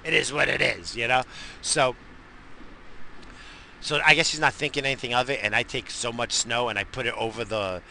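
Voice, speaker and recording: Gravelly, bright-voiced crude male podcaster. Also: medium pitch, moderate pace, long pauses, slight background noise. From New York area. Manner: crude, boisterous storytelling. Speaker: podcast host. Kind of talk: profane casual monologue.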